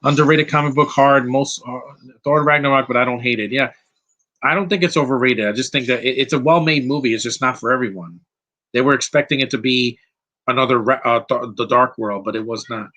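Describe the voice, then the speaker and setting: A man's voice: mid-range voice, steady tone, fairly quick, pushed and bright. A man giving casual live commentary over a movie, blunt and rambling, going off on tangents.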